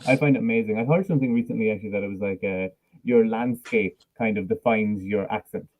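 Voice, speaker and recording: A man's voice: on the low side, fast talker, phone-quality sound. An Irish man hosting a podcast, talking in an easygoing way and asking the guest questions. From Ireland. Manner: easygoing, laughs between remarks. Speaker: podcast host. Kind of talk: casual interview chat.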